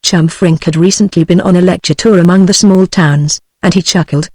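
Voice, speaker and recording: A text-to-speech woman's voice with a British English accent, reading a novel aloud in an even, measured way. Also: on the low side, slightly rough, no room sound. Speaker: audiobook narrator.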